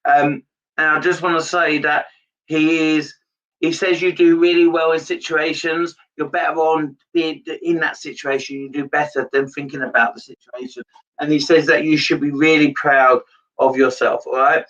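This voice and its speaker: A psychic medium giving a live-streamed reading to viewers, halting, repeating his phrases and turning emotional. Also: a little high, flat delivery, fairly bright tone, distant mic, muffled recording.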